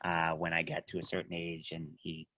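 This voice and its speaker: A middle-aged man, a judo coach, chatting as a podcast guest and telling animated stories, often laughing and trailing off quietly. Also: low-pitched, brisk, no echo. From Canada. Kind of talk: casual podcast chat.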